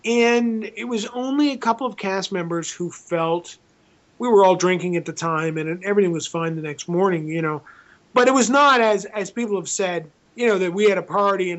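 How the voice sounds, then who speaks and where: A man's voice: sits high, brisk, a bit bright. A man, a film director being interviewed as a guest, tells a long anecdote and acts out both sides of the conversations, with frequent restarts. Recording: dull lo-fi sound.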